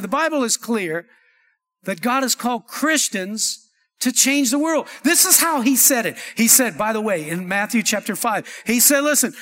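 Guy preaching, really high bright voice, big echoey church hall. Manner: preaching with call-and-response, repeated "amen" and "come on". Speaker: pastor. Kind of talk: sermon. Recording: long hall reverb.

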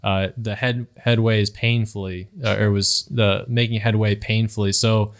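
Male co-host, low flat delivery, halting, keeps restarting his lines. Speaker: podcast co-host reading commentary. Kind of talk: casual Bible study discussion.

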